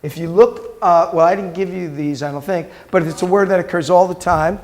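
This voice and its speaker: A man's voice: high voice, brisk, darkish tone. A middle-aged man, a rabbi, teaching a Hebrew class and patiently repeating words aloud as he quizzes his students. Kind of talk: classroom lecture with questions to students.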